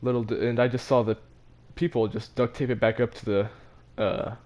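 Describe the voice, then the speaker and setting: A teenage vlogger speaks at a normal pace in a level, mid-range voice that's a little mellow. Rambling casually and mocking himself, he tells a school story with lots of fillers and restarts.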